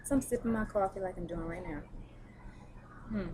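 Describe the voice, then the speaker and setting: A woman's voice: fairly low pitch, moderate pace, noisy background. Chatty woman telling candid stories. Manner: chatty, candid, storytelling with frequent fillers. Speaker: personal trainer. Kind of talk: casual vlog answering viewer questions.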